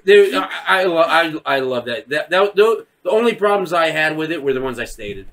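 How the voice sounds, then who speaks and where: A man's voice: fairly high pitch, normal speed. A man co-hosting a casual podcast review, swearing freely and acting out scenes in exaggerated voices. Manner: animated, profane, acts out scenes in exaggerated voices. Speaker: podcast co-host.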